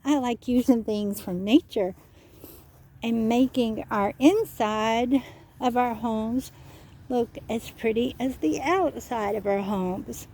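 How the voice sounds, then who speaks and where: Woman guiding kids outdoors, teacherly and patient, slow delivery, mellow tone. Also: on the high side, a little hiss or hum. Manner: patient, teacherly, keeps asking children questions; spells words out letter by letter. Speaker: children's educator. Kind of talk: nature walk talk for children. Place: outdoors on a walk.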